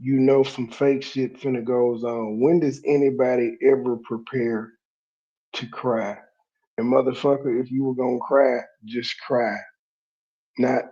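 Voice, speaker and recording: A man's voice: mid-range voice, a little slow, warm tone, dull audio. A man giving blunt, mocking reaction commentary with heavy swearing.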